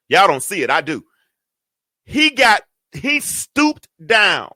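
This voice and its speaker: A man's voice: high voice, wildly swooping pitch, slow, pushed and bright, no echo, studio quality. A man hosting a show, teaching from the Bible in a preaching style, colloquial and building into emphatic, repeated lines. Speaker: host.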